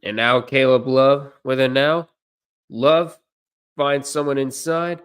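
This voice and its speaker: A man doing amateur play-by-play commentary on a livestream, unpolished and correcting himself, with deadpan asides. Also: mid-range voice, slow, clear, resonant tone.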